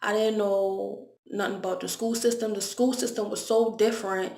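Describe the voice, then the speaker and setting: A woman's voice: medium pitch, fairly even intonation, moderate pace, a little mellow. A young woman, telling a candid, conversational storytime vlog and often repeating her words. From Baltimore, US. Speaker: vlogger. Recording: echoey room.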